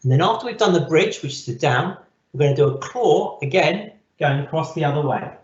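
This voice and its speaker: A man's voice: a little high, animated, brisk. A man giving a patient, step-by-step live online cooking lesson to children from a kitchen. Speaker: cookery teacher. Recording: echoey, slightly dull audio.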